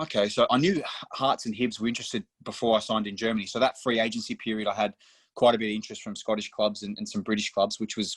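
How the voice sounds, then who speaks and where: A man's voice: lowish voice, no echo. A young man from Australia, a footballer guest on a podcast, telling stories casually, swearing freely and calling the host mate. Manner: swears freely, storytelling, says mate often.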